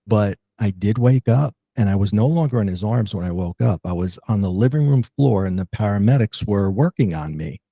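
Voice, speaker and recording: A man's voice: fairly low pitch, dark tone, no echo. A man guest recounting a personal experience in an earnest, reflective way, with frequent ums and restarts. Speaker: podcast guest. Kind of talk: personal storytelling in an interview.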